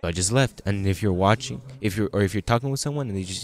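Male pastor, low voice, informal sermon with scripture readings. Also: fast talker, hardly any pauses. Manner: conversational preaching, restarts, reads scripture aloud.

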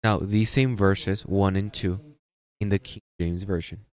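Emphatic low-voiced male preacher. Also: fairly even intonation, a little mellow. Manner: emphatic, repeats phrases for stress; reads scripture slowly and deliberately. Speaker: pastor. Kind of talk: sermon.

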